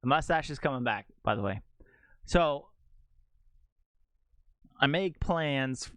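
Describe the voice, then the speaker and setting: Brief: young male game streamer, mid-pitched, smooth and clear, dry close sound, chatty rambling storyteller. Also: slow, no room sound. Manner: rambling, animated, heavy use of "like". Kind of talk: casual storytelling chat to stream viewers.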